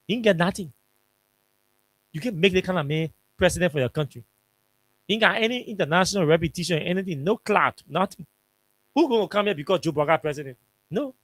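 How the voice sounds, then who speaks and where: A man with a Liberian English accent, speaking in a high register. He hosts a radio talk show and tells his stories in an emphatic, colloquial way, hammering each point by repeating it, and his voice sounds close and dry in a studio. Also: lively intonation, fairly quick, pauses often, a bit bright, dry recording. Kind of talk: casual storytelling commentary.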